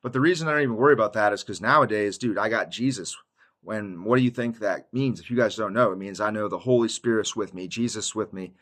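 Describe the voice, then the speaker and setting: A man's voice: lowish voice, fast talker, fairly bright tone. Rambling man telling his story. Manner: rambling, slangy, says "dude" often, laughs mid-sentence. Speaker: YouTuber giving a Christian testimony. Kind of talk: casual testimony monologue.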